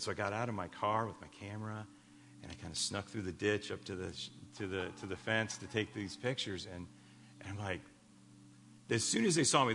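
A man's voice: on the low side, sharp tone, slight background noise. A man in his fifties from Chicago, a pastor telling stories in a sermon, rambling with many restarts and light jokes to the congregation. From Chicago, USA. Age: 50s. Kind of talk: sermon storytelling. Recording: echoey hall reverb.

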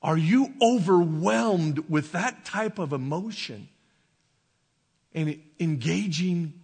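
A man preaching a sermon, telling a personal story in a halting, emotional way, stumbling over and repeating his words. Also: fairly high pitch, lively intonation, gravelly, darkish tone, slightly rough, long reverb tail. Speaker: pastor. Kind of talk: sermon testimony.

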